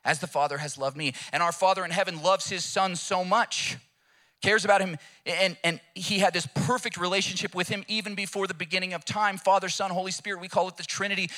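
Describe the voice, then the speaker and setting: Pastor, bright forceful tone, lively sermon delivery. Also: male voice, high-pitched. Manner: animated, emphatic storyteller.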